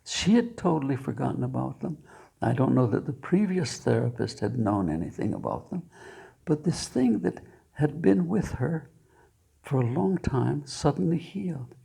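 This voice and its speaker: An older man, a therapist, quietly recounting a story from his practice, soft-spoken and sometimes dropping to a near whisper. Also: mid-range voice, big pitch swings, normal speed, gravelly, breathy edge.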